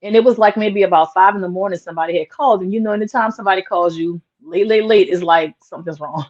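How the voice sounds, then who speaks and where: A woman's voice: medium pitch, fast talker, a little mellow. Earnest woman telling her story. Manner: earnest, emotional, many "like" fillers. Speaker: interview guest, small business owner. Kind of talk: personal storytelling in an interview. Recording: dull lo-fi sound.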